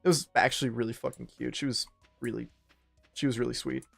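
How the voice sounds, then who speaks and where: A man's voice: medium pitch, steady tone, fairly quick, creaky, breathy edge. A young man telling a rambling, profane, self-mocking story while streaming a game, with faint game music behind him. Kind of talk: casual storytelling while gaming.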